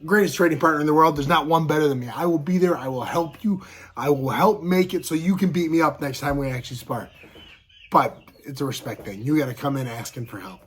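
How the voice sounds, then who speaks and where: A man's voice: fairly high pitch, brisk, a bit bright, husky. A man in his thirties with a scratchy throat, casually telling fight stories to camera and punctuating them with sound effects. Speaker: show host and pro fighter.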